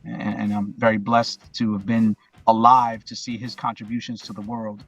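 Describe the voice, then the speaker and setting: Husky-voiced man in a heartfelt podcast chat. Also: fairly low pitch, flat delivery, moderate pace, fairly bright tone, dull audio. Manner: rambling, repeats phrases, heartfelt. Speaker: podcast guest, voice actor. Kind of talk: casual reflective interview talk.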